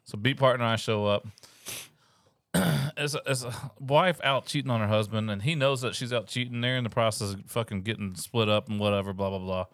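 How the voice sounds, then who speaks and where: A male podcast co-host and police officer, telling profane, animated stories in casual chat. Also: mid-range voice, a little fast, no room sound, studio quality. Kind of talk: casual storytelling over drinks.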